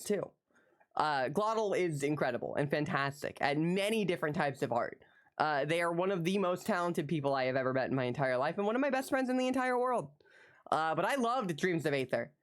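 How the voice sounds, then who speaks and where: A woman with a low voice chats casually with viewers on a live stream. She's excitable and swears constantly, repeating the same phrase over and over.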